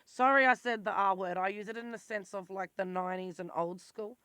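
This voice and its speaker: A forties-aged Australian vlogger talks briskly at medium pitch in a steady, smooth voice that sounds pushed and bright, though worn and prone to squeaking when worked up. The candid personal monologue is blunt, intense, rambling and full of swearing, recorded dry.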